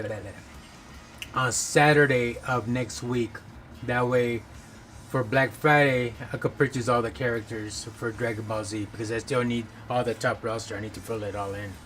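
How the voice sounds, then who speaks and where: A man's voice: mid-range voice, bright, forceful tone, slight background noise. Rambling male game streamer. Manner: rambling, loose, many fillers and self-corrections. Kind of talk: casual chat.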